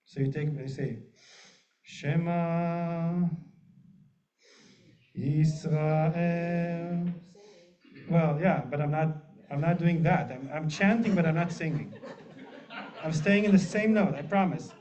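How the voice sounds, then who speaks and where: A man teaching a small group in a casual, joking way, often turning questions back to the room. His voice sits a little high. The recording is muffled and lo-fi. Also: moderate pace, a little mellow. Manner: chatty, jokey, asks the group often. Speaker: rabbi leading a class. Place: synagogue classroom with a group.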